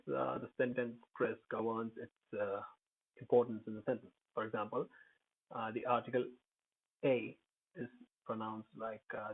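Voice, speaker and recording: A man's voice: mid-range voice, gravelly, slightly rough. A man teaching English pronunciation in an unscripted lesson, hesitant, with many fillers and self-corrections. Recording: tinny phone-like audio.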